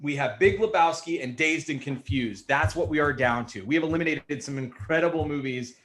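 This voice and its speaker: A man's voice: a little high, fairly quick, fairly bright tone. A man hosts a livestreamed panel in a slightly raised voice. He is loose, laughing and profane as he runs the matchups. A faint hum of noise sits under the voice. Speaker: host.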